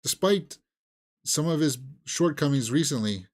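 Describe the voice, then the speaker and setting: A man co-hosting a movie talk show, chatting casually and thinking aloud with halting restarts. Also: a little high, lively intonation. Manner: musing, halting, with fillers and restarts. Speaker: movie news co-host. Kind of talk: casual chat.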